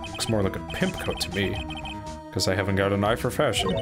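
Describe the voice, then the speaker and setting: A man's voice: low voice, fast. A man joking casually while reading and playing through a story game, over game music. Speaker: gamer reading all voices.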